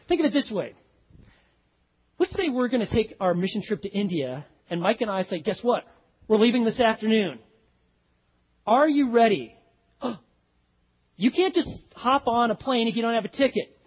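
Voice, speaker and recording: A man preaching a sermon as pastor, animated and acting out the voices of the people in his story. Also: sits high, moderate pace, pauses often, husky. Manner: animated, acts out voices of characters. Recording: dull audio with long hall reverb.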